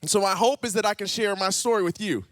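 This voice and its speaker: High-voiced animated pastor from Ohio. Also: male voice, quick pace, no echo, clean studio sound. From Ohio, USA. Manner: animated, acts out dialogue with big pitch jumps. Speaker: guest youth pastor. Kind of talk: storytelling sermon. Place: church auditorium.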